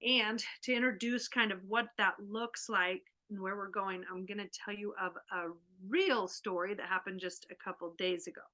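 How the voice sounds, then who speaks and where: A woman hosting an online workshop, telling a family story in a lively way over a video call. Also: mid-range voice, moderate pace, few pauses. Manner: animated, acts out a child's panic. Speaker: workshop host.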